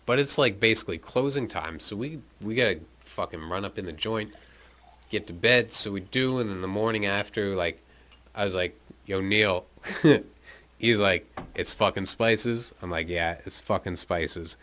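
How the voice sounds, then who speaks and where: A man's voice: lowish voice, moderate pace, a bit bright. A man from North America telling a rambling, profane travel anecdote in a laid-back, casual way. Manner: profane, laid-back storytelling with frequent fillers. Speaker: storyteller recounting travels.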